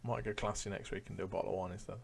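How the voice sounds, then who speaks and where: A man hosting a pub quiz live from home, reading each question slowly and repeating it between relaxed, joking asides. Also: on the low side, vocal fry, slight background noise. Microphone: webcam or phone facing himself.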